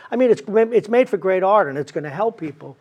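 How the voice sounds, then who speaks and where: Male interview host, fairly high and raspy, probing and reflective. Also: animated, brisk, a little mellow. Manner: probing, asks reflective psychological questions. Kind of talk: conversational interview.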